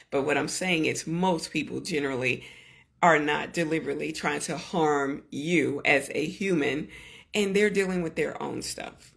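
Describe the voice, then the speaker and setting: Slow, earnest woman hosting a podcast. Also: low voice, vocal fry. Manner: earnest, gently coaching, speaks in slow deliberate phrases. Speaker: podcast host. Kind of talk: reflective solo podcast talk.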